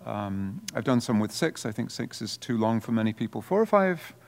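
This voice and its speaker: A man, a parish priest, giving an informal workshop presentation in a conversational way, with relaxed asides. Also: medium pitch, normal speed, long reverb tail.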